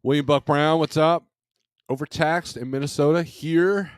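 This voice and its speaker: A slightly high-pitched male streamer keeps a steady, clean tone at normal speed as he casually rambles and chuckles through a home livestream. His desk microphone gives a dry, studio-quality recording.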